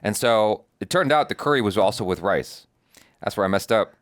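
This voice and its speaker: A man's voice: on the low side, lively intonation, normal speed, no echo. A man co-hosting a reaction show, chatting casually and telling jokey stories with plenty of swearing. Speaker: reaction channel co-host. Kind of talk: casual chat.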